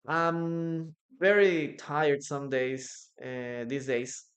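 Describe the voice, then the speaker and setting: A man's voice: on the high side, level tone, extremely slow. A man whose first language is Spanish, teaching a live online English class and patiently explaining grammar through example sentences on a computer mic.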